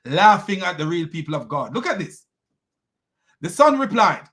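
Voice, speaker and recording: A man with a high voice hosts a commentary and mocks as he goes. His tone is bright and pointed. He laughs often and trips over restarts. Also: sing-song, normal speed, long pauses. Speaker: host. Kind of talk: critical commentary.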